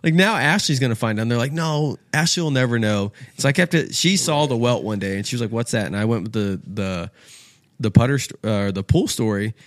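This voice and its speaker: A man's voice: medium pitch, brisk, no echo. A man in his thirties with a drawl spins a rowdy tale in loose, casual chat. He jumps into other people's voices for the quotes and swears without a second thought. The sound is dry and close to the mic. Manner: animated storyteller acting out quotes with swearing. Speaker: podcast guest, golf apparel co-founder. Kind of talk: casual storytelling.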